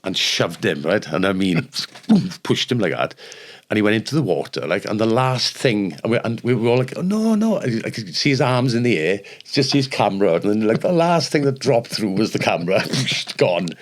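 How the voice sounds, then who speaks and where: An older Welsh man and former rugby player, telling lively stories on a podcast and acting out the people in them. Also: on the low side, moderate pace. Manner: animated anecdotes, acts out the people in his stories. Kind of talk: casual storytelling.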